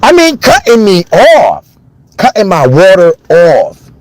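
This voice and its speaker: A man ranting to his chat on a phone live stream, loud, heated and blunt, swearing freely. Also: high-pitched, huge pitch swings, a little slow, poor audio. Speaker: livestreamer. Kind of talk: livestream rant to chat.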